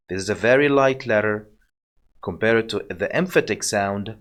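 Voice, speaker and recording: A man teaching an online language lesson, explaining slowly and repeating sounds for learners to copy. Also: on the low side, a bit bright.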